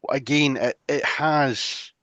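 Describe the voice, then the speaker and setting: A man's voice: medium pitch, steady tone, takes it slowly, a bit bright, no room sound. A man from England hosting a casual podcast chat, rambling with frequent restarts and fillers, on dull lo-fi audio. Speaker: podcast host. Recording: dull lo-fi sound.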